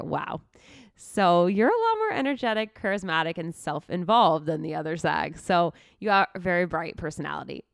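A woman's voice: fairly low pitch, vocal fry, clean tone, no room sound, clean studio sound. A woman co-hosting a podcast, casually reading out horoscope traits and adding chatty asides. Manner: chatty, reads traits aloud with frequent "like". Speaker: podcast co-host.

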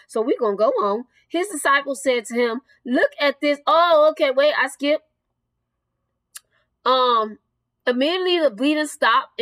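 A woman's voice: high voice, a bit bright, no room sound. A woman preaching a sermon in an earnest, direct way, reading scripture and speaking straight to singles.

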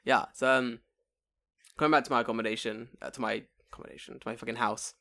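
A man chatting casually on a podcast, swearing freely and telling animated stories in which he acts out what people said. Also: medium pitch, fast, gravelly. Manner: swearing, animated storytelling with put-on quotes. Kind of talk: casual chat.

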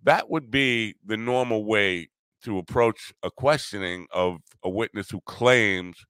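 A man's voice: lowish voice, unhurried, fairly bright tone, clean tone, no room sound. A man hosting a podcast, delivering a profane, sarcastic, opinionated monologue. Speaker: podcast host.

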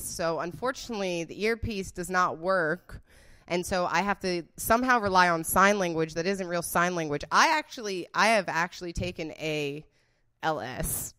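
A woman with a fairly low, slightly bright voice chats casually and unscripted as a guest guessing celebrity scandals. She's blunt and rambling, swears freely, and laughs often.

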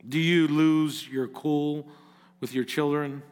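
A man's voice: on the high side, fairly even intonation, slow, darkish tone, clean tone. Earnest male pastor preaching in a reverberant hall. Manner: earnest, rising to emphatic exhortation. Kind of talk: sermon.

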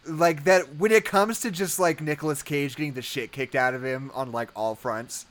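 A man's voice: a little high, moderate pace, a bit bright. A man in casual film discussion, rambling with many fillers and acting out quotes from the movie. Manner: rambling, heavy use of "like", acts out quotes. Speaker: podcast co-host.

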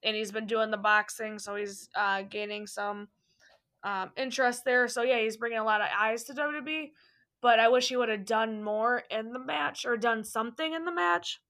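A woman with a bright, high-ish voice that cracks in and out. She chats casually on a podcast, filling gaps with "um" and little laughs, loose and talkative. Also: fairly even intonation, moderate pace. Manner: chatty, lots of fillers and laughs. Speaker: podcast co-host. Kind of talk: casual wrestling chat.

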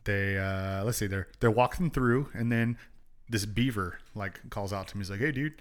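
A man's voice: lowish voice, fairly even intonation. Male co-host with a twang, breezy and joking. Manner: jokey, acts out characters in quick asides. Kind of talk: casual chat retelling a book.

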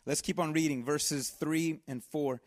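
A man with a high voice preaches in a relaxed, conversational way. He talks earnestly, repeats himself, and breaks into asides to the congregation. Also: measured pace. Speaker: pastor. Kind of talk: sermon.

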